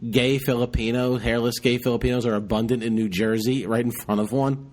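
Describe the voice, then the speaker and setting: A man's voice: medium pitch, fairly quick. A man hosting a comedy podcast, telling joking stories from his stand-up shows. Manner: animated, joking storyteller. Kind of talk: casual podcast chat.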